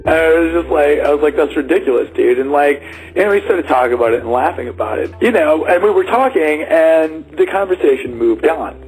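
A man's voice: fairly high pitch, lively intonation, fairly quick, darkish tone, faint music behind, low-quality recording. A man telling a personal story in a casual, rambling way, full of fillers and acted-out quotes. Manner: rambling, many "like"s, acts out quotes.

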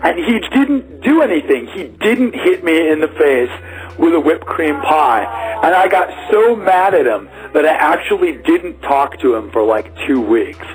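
A man's voice: fairly high pitch, lively intonation, a little slow, soft background music, low-quality recording. A man telling a personal story in a casual, rambling way, full of fillers and acted-out quotes. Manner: rambling, many "like"s, acts out quotes.

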